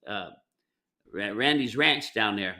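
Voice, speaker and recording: A man's voice: lowish voice, lively intonation, slow pace, sharp tone. A man who trains mules, giving plainspoken, folksy advice and telling ranch stories in a casual question-and-answer show. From United States. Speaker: mule trainer and ranch owner.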